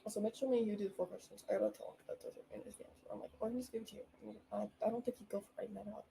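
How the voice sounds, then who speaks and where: A woman's voice: mid-range voice, steady tone, rapid-fire, gravelly, warm tone, a little hiss or hum, poor audio. A young woman hosting her own podcast alone, chatting in a bubbly, rambling way with lots of giggles. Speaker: podcast host. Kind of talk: casual solo podcast chat.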